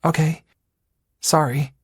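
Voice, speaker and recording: A man's voice: fairly high pitch, steady tone, slow, husky, dry recording, studio quality, voice pushed up, exaggerated voice. A man voicing a blunt, unconventional young woman in an audiobook, speaking in a candid, matter-of-fact way.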